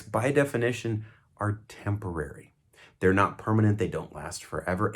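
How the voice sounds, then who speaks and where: A middle-aged man, an emergency doctor, calmly explaining to camera how to help someone through a panic attack, softening his voice when he shows how to soothe them. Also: on the low side. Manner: calm, explanatory, slows and softens when modeling soothing speech. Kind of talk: educational talk to camera.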